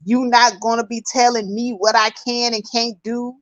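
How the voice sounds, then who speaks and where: A woman's voice: on the high side, level tone, moderate pace, fairly bright tone, dry recording, close to an everyday voice. A woman acting out a defiant young wife who lays down her rules in a sassy, firm tone. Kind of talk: mocking impression in commentary.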